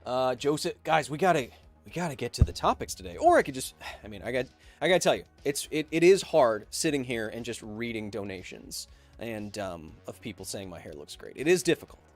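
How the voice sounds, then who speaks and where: A man's voice: mid-range voice, sing-song, fairly quick, soft background music. A man hosting a casual livestream, reading out viewer donations and answering them with playful, self-mocking jokes.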